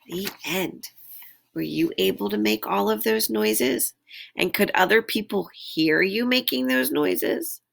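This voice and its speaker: A woman's voice: fairly low pitch, creaky. A woman reading a picture book aloud to young children at home, stopping to ask them to copy animal sounds. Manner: slow, expressive, invites listeners to make animal noises. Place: at home, indoors.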